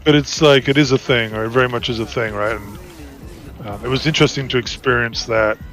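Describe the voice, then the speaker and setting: A man's voice: mid-range voice, fairly even intonation, fairly quick, a bit bright, faint music behind. A man with an American accent with British undertones, chatting in a rambling way while gaming on stream, tagging "right?" onto his points. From United States. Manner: rambling, many "like" and "right?" tags. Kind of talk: casual chat while gaming.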